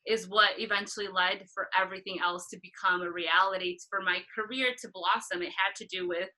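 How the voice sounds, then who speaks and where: A woman's voice: a little fast, low-quality recording. A woman in her thirties being interviewed about her career as a concert photographer, telling stories with energy and acting out past conversations in a raised voice. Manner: animated storytelling, acting out past dialogue in a higher voice.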